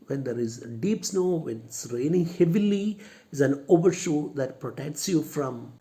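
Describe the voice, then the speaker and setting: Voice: medium pitch, animated, a little slow, dark tone. A teacher, explaining a play line by line and defining words. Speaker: English teacher.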